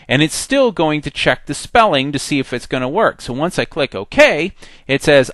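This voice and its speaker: A man teaching a software tutorial in a chatty way, acting out the program's messages in little voices. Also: a little high, sing-song, normal speed, no room sound. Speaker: software instructor. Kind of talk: screen-recorded software tutorial.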